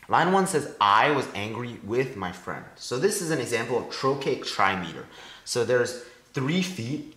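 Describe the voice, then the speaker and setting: A man's voice: medium pitch, a bit bright. A teenage boy giving a class presentation, explaining step by step and sounding out stressed and unstressed syllables one at a time. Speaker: student presenter. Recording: echoey room with faint music.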